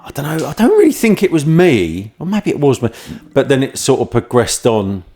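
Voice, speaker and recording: A man's voice: mid-range voice, wildly swooping pitch, a little fast, mellow. A man telling rambling anecdotes in casual chat, often laughing and acting out voices. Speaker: podcast host and former firefighter.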